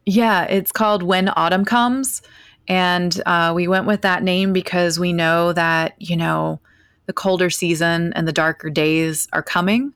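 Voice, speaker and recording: A woman's voice: lowish voice, measured pace, clear, resonant tone, no echo, clean studio sound. A woman, a mother and caregiver, chatting candidly as a podcast guest in a blunt, tell-it-like-it-is way and sounding short on sleep. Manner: blunt, candid, animated storyteller. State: sleep-deprived. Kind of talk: casual podcast conversation.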